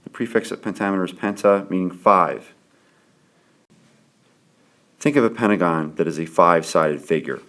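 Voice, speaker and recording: A man teaching a lesson, explaining poetic meter and counting out the beats slowly and clearly. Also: low voice, a bit bright. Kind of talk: classroom lesson on poetry.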